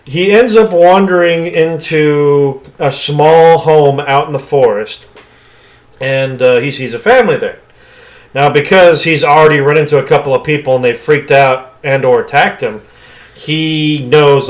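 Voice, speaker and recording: A man co-hosting a podcast, casually retelling a movie plot in a rambling way, with frequent "like" fillers. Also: medium pitch. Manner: rambling retelling, heavy use of "like". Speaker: podcast co-host.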